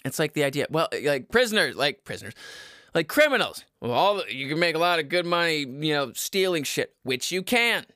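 A young man hosting a comedy podcast, yelling and rambling through an unscripted monologue into a microphone in a basement. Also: fairly high pitch, big pitch swings, brisk, no echo, clean studio sound. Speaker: podcast host. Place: home basement. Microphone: studio microphone.

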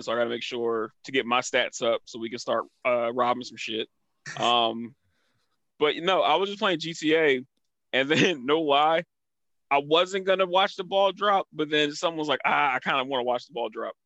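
Male comic, 30s, bright tone, dry mic, lively anecdote teller. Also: dry recording, lo-fi sound. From Philadelphia. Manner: animated storyteller, high put-on voices in anecdotes. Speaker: guest comedian. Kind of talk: casual podcast chat.

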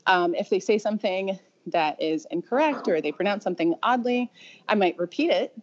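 A woman's voice: medium pitch, expressive, a little fast, slight background noise. A woman parent telling a casual anecdote in a chatty, amused way with likes and ums. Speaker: parent interviewee. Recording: dull lo-fi interview audio.

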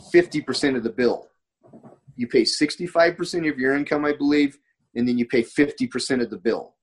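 A man's voice: mid-range voice, breathy edge, rough recording. An American man in casual conversation, telling rambling anecdotes full of quoted dialogue and restarts. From United States.

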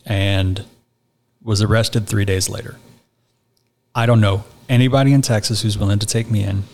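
Guy with a lowish voice, earnest and halting, telling his story in a chat. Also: darkish tone. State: choked up. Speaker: guest. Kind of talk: personal storytelling in conversation.

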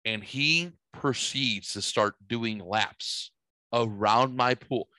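Speaking slowly at a medium pitch, a man in his 40s tells a long, rambling story in casual chat, swearing throughout in an animated way. There's no echo, though the recording is rough.

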